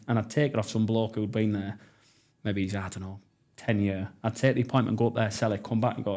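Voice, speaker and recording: A man's voice: fairly low pitch, little pitch movement, fast talker, warm tone. A man in his thirties with a North East English accent, a podcast guest telling his story bluntly and enthusiastically, swearing freely. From North East England. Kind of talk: casual storytelling interview.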